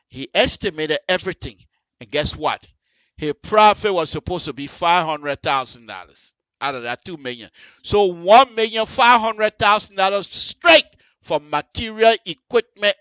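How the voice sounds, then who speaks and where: A man hosting a live radio call-in show, talking high and bright with emphatic, animated delivery. He repeats phrases and speaks straight to his listeners. The sound is dry and close-miked. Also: dry recording. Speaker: radio talk show host. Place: radio studio.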